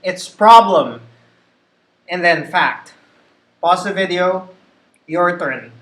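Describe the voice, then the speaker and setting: A woman, a call center trainer, leading a pronunciation drill and reading words one by one, slowly and deliberately. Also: lowish voice, fairly bright tone. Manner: slow, deliberate word-by-word reading. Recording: echoey room.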